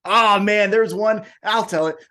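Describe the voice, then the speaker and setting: A man's voice: a little high, moderate pace. A man co-hosting a wrestling podcast, telling a long story in a loose, profane way and acting out the people in it. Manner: animated, profane, acts out voices in the story. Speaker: podcast co-host.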